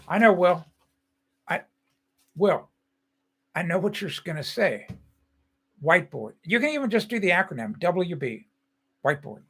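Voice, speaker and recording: A man's voice: sits high, fairly bright tone. An older man hosting a live stream, talking casually in a chatty, rambling and opinionated way, with frequent restarts. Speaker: host.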